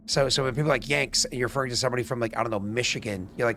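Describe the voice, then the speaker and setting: A man's voice: medium pitch, rapid-fire, bright, forceful tone. A man with a New England accent chats loosely on a live tabletop stream. He swears freely and acts out the people he quotes. A faint hiss sits under his voice. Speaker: game master and stream host. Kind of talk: casual chat on a live stream.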